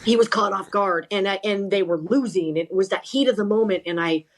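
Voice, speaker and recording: A middle-aged woman, a sideline reporter, telling stories in a podcast interview, animated and full of restarts. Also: mid-range voice, a little fast. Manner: animated, self-correcting, lots of repeated starts. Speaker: sideline reporter and talent coach.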